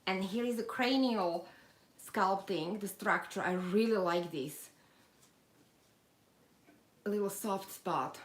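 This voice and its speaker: A woman's voice: mid-range voice, slow, long pauses. Chatty woman reading live comments, echoey room. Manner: chatty, reads viewer comments aloud, many fillers. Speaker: doll collector hosting a live stream. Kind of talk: casual live-stream unboxing chat.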